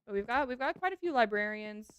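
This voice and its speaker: A woman's voice: a little high, animated, fast talker, fairly bright tone, smooth, highs cut off. A woman streamer chatting casually with her chat while playing a game. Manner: chatty, answering chat as she plays.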